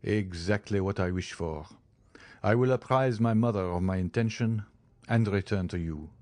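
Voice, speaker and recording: A man voicing an eager, earnest young nobleman in an audiobook, speaking in an earnest, warm-hearted way. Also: lowish voice, normal speed, no echo, close to an everyday voice. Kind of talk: audiobook character reading.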